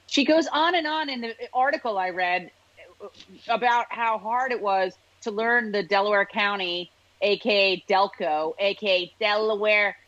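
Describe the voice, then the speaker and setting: Woman, co-host, animated and teasing, casual chat, dull lo-fi sound. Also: mid-range voice, moderate pace, no room sound.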